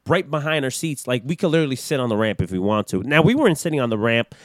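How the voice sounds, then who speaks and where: A man co-hosting a podcast in loose casual chat, animated and rambling, swearing freely. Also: medium pitch, fast, dry recording. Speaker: podcast co-host.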